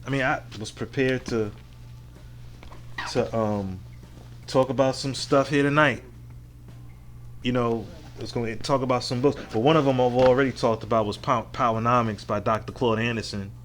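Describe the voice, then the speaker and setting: Recording his podcast alone at home, this man speaks with medium pitch and a slightly bright tone. The casual monologue is candid, profane and reflective, and a little hiss or hum is audible.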